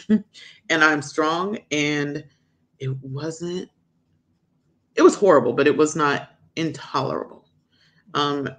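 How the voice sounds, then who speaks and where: Animated woman doctor telling her story. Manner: animated, acts out quoted people with sudden high pitch; frank, candid. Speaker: guest doctor. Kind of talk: personal storytelling in a podcast interview.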